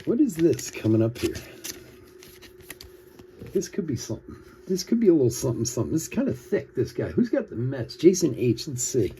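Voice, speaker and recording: Gravelly, relaxed man chatting on a livestream. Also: medium pitch, fairly quick, slight background noise. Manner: chatty storytelling, laughs often, reads names between asides. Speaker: card break host. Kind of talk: casual livestream chat while opening cards.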